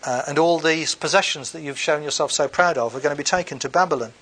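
A man's voice: a little high, quick pace, fairly bright tone. A man giving an unscripted lecture on scripture, reading verses aloud and then explaining them in a conversational way, with frequent ums, uhs and restarts. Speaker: bible lecturer.

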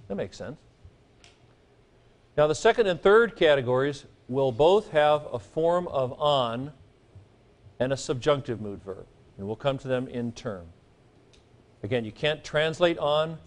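Man teaching a class, checking in often. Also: medium pitch. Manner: conversational, checks in with "okay?", light asides. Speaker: Greek teacher. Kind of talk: classroom lecture.

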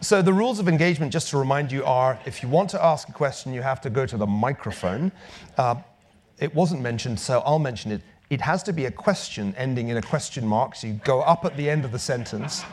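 A man's voice: mid-range voice, fairly quick, slight background noise. A man giving a public lecture with dry wit, then taking audience questions. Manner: dry wit, lively emphatic delivery.

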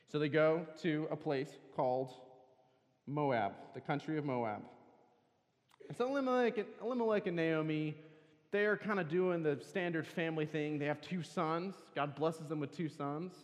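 Male preacher, slightly high voice, earnest storytelling, long reverb of a big hall. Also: unhurried. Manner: earnest storytelling preacher, rising emphasis on key words. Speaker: campus worship speaker. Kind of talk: sermon. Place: large hall, campus worship service.

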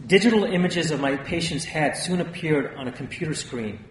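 Guy reading a memoir out loud, tense storytelling, far from the mic, faint hiss. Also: fairly high pitch, lively intonation, a little fast. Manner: tense first-person storytelling. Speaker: audiobook narrator. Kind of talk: first-person memoir narration. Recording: roomy, distant, faint hiss.

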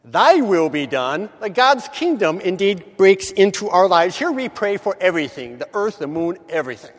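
Casting: man with a high voice, measured devotional preacher, long reverb of a big hall. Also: expressive. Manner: measured, emphatic, stretches key words slowly. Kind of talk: morning devotional reflection.

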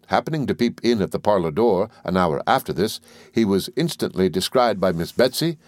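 A man narrating a classic novel as an audiobook reader in a measured, even delivery. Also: low-pitched, dry recording.

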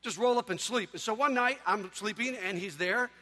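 High, bright-voiced animated male preacher. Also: normal speed, in a large hall. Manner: animated, humorous storytelling. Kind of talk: sermon.

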